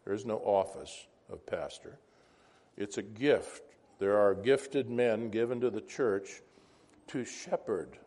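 A man's voice: on the low side, slow pace, a little mellow. Man teaching a chatty Bible class. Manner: conversational, asks the class questions, wanders into asides.

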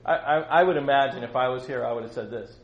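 A middle-aged man teaching from the Bible to a small group, acting out quotes loudly and joking with his listeners. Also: mid-range voice, quick pace, highs cut off. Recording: echoey room with faint ambience.

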